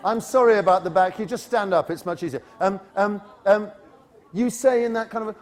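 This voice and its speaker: A British man leading an English-teaching workshop in a university hall, animated and self-correcting as he drills a large audience with quick asides. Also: high voice.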